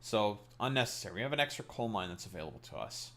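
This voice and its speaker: A man's voice: on the low side, very animated, quick pace, fairly bright tone. A man streaming a game live, talking casually and ranting profanely at his chat.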